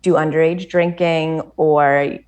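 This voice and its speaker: A woman with an American accent, a guest on a podcast, telling a story in animated casual chat, full of "like" and laughter. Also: low-pitched, slow, smooth, muffled recording. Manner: animated storytelling, many "like" fillers, frequent laughter.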